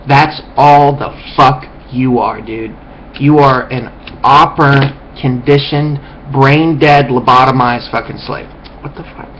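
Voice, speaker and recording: A man's voice: mid-range voice, steady tone, measured pace, fairly bright tone, poor audio. Profane ranting man, faint background hiss. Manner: profane, contemptuous, lecturing. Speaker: vlogger. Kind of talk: ranting monologue to camera.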